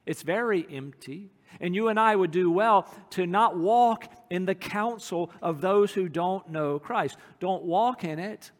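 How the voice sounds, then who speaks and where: A pastor preaching a sermon in a church, earnest and emphatic, slowing his phrases to stress key points. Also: high-pitched. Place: church sanctuary. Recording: long hall reverb.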